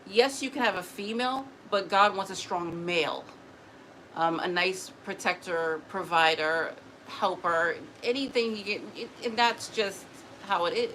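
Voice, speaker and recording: A woman talking casually and emotionally to camera, often pausing to address an unseen spirit, with quick restarts and repeated words. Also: mid-range voice, fairly bright tone, rough recording. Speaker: spiritual vlogger. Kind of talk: casual personal talk to camera. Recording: noticeable background noise.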